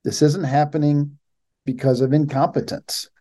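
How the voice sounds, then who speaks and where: Sarcastic male commentary host, mellow voice. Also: fairly high pitch, steady tone, normal speed. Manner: mocking, sarcastic asides. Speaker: show host. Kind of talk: sarcastic commentary on a news article.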